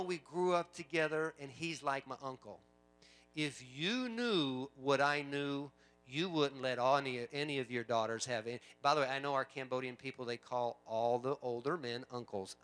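A middle-aged man, a pastor preaching a sermon in church, shifting from low conversational asides to loud emphatic preaching. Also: animated, moderate pace. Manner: conversational, with frequent asides and repetitions. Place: church sanctuary.

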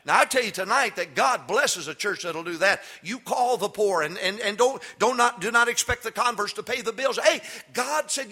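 Older man, pastor, sermon, bright tone, slightly high voice, emphatic to folksy. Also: lively intonation, normal speed, hardly any pauses, breathy edge. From Texas. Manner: preaching, rising to loud emphatic peaks, then folksy storytelling. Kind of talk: sermon with storytelling.

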